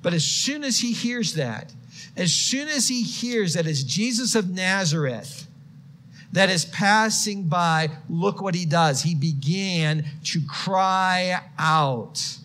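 A man preaching a sermon, moving from quiet explanation to loud, shouted passages. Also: high voice, slow. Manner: expressive, swings from quiet to shouted quotes.

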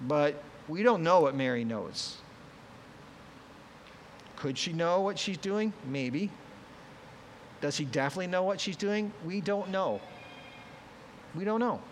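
Male pastor, slightly high voice, conversational sermon delivery that acts out the quotes, long hall reverb. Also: a bit bright, a little hiss or hum. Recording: long reverb, faint ambience.

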